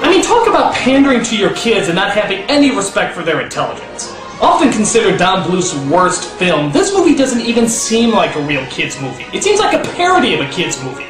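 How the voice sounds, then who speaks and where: A man giving a sarcastic, profane comedic film review with shouted outbursts. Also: high voice, huge pitch swings, fairly quick, reverberant, music in the background.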